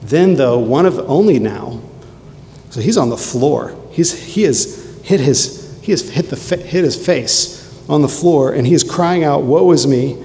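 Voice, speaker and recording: A man's voice: fairly high pitch, expressive, unhurried, dark tone. A man preaching a sermon, fervent and emphatic, driving points home with dramatic repetition. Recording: long hall reverb, faint noise.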